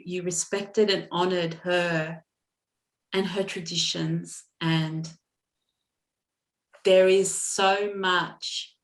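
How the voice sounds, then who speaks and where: A woman doing a live intuitive card reading, with a soft, halting way of talking, full of fillers and restarts, and moved to emotion. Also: lowish voice, roomy sound. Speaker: intuitive reader.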